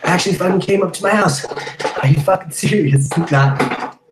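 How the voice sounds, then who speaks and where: A man's voice: sits high, normal speed, reverberant, music in the background, poor audio. A man on a podcast ranting casually, heated and profane, rambling with restarts. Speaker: podcast host. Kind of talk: casual rant.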